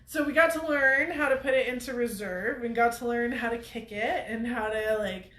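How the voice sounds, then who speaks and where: A woman's voice: on the high side, normal speed, a bit bright, roomy sound. A woman hosting a weekly show, telling a story to viewers in a chatty way and laughing often. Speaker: host of a weekly off-road show.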